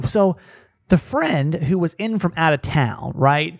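A middle-aged man hosting a podcast, telling a story casually and animatedly, jumping up in pitch as he acts out the people he quotes. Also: expressive, a little fast, vocal fry, dry recording, studio quality. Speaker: podcast host.

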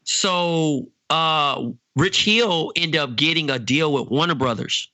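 A man chatting on a podcast in a laid-back, slangy way. His voice is bright and a bit high. The sound is dry and close. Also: slow pace, dry recording. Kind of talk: casual podcast chat.

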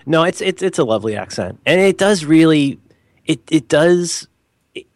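A man's voice: on the high side, very animated, moderate pace, dry recording, studio quality. An American man in casual conversation, asking rambling questions and stumbling over his words. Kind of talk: casual chat.

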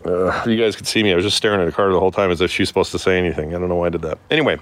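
A man with a fairly low voice co-hosts a relaxed podcast. He jokes and rambles between reading listener emails aloud. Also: rapid-fire, a little hiss or hum. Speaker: podcast co-host. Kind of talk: casual chat.

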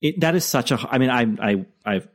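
A man's voice: medium pitch, animated. A man co-hosting a podcast, chatting casually about a TV episode, full of fillers and restarts. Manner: halting, many fillers and restarts. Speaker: podcast co-host.

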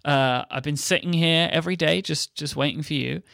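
Rambling deadpan man co-hosting a podcast. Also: on the high side, a little fast, vocal fry, dry recording, clean studio sound. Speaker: podcast co-host. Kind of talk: casual banter.

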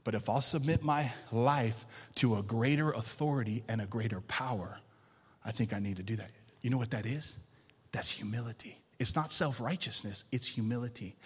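A male pastor preaching a sermon to his church, shifting between loud emphatic lines and quiet intense ones and calling out for amens. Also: mid-range voice, slightly rough, long reverb tail. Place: church sanctuary.

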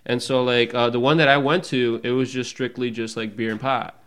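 A man's voice: steady tone, a little fast, fairly bright tone, clear, resonant tone. A young man telling a story in a casual chat, laid-back and full of slang. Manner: laid-back slangy storyteller, acts out his own panic in a high voice.

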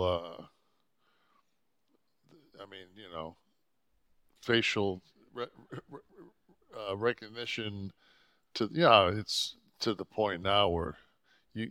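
A man co-hosting a podcast into a studio mic, with a deep voice, rambling and cursing often as he chats casually. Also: bright, forceful tone, no room sound. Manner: rambling, swears often, restarts a lot. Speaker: podcast co-host. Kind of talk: casual profane chat. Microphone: podcast microphone.

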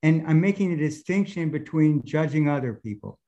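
A man's voice: fairly high pitch, lively intonation, normal speed, warm tone, lo-fi sound. A male student in a religious study class, thinking aloud as he raises a question and proposes his own answer. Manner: thoughtful, reasoning aloud.

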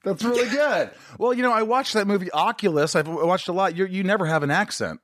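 A man hosting a podcast interview, joking and firing off quick, playful questions. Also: high voice, a bit bright, no room sound, studio quality. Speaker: podcast host.

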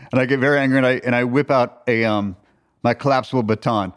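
A man's voice: medium pitch, steady tone, fast talker, no echo, clean studio sound. A man co-hosting a podcast, animatedly retelling scenes with amusement. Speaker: podcast co-host. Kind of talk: casual rewatch podcast chat.

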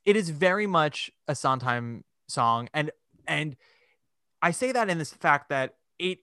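A man co-hosts a casual podcast chat in a lively way. He acts out little quoted reactions and leans on "like". His voice is bright, and the sound is dry and close. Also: a little high, measured pace, clean tone, no room sound. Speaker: podcast co-host. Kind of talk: casual chat about musical theatre.

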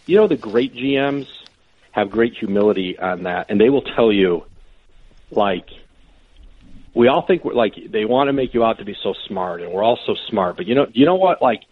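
A man telling stories as a sports reporter guest in casual conversation, with lively quoted voices and frequent restarts. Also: lowish voice, moderate pace, breathy edge, dry recording. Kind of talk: conversational storytelling. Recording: tinny phone-line audio.

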